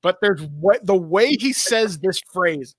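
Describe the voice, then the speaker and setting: A man from Canada telling stories in casual chat, animated and swearing often. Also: high voice, slow pace, no room sound, clean studio sound.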